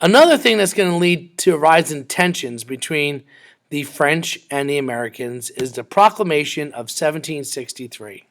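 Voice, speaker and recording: A man's voice: fairly high pitch, lively intonation, normal speed, vocal fry, a bit bright. A man teaching a history lesson in a conversational way, acting out quoted exchanges between the sides.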